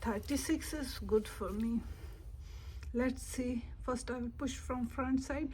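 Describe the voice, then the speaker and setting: A young woman with a high voice narrates a toy game in a playful, exclamatory manner. She talks very slowly and at times drops soft, with a faint hiss of noise behind her. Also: steady tone. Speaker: toy channel host.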